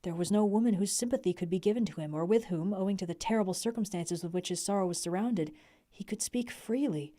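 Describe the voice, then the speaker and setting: A young adult woman reading a classic novel aloud on a livestream, with an expressive delivery. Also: medium pitch, quick pace. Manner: expressive reading, laughs in chat breaks.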